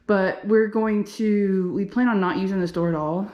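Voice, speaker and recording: Chatty woman, mellow voice. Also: medium pitch, fairly even intonation, moderate pace, hardly any pauses, dull audio. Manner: chatty, upbeat, thinking aloud. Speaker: vlogger and game lounge owner. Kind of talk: casual walking tour. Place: empty commercial unit, indoors.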